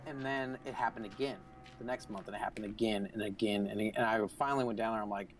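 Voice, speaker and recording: A man's voice: on the low side, steady tone, quick pace. Profane rambling male gaming host. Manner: profane, rambling anecdote-telling. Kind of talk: casual chat while playing.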